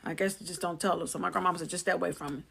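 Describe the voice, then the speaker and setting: A woman's voice: lowish voice, steady tone, racing, creaky, a bit bright, husky. A woman vlogger telling a childhood story in a chatty, slangy way, acting out her family's lines as she goes. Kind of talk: casual storytelling to camera.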